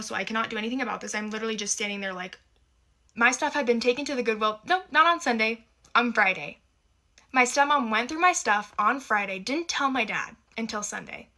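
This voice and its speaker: Young woman, casual storytime to camera, emphatic, sarcastic, crisp bright tone. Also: a little high. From United States.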